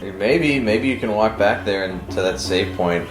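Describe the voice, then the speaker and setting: A low-voiced man chats and jokes as he walks a friend through a game he already knows. The sound is roomy, and loud game music plays behind him. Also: a little slow. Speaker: returning player guiding a friend. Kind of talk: live gameplay chat.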